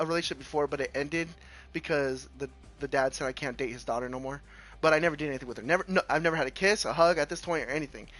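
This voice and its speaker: A man streamer telling a story casually, animated and laughing, with lots of restarts. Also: a little high.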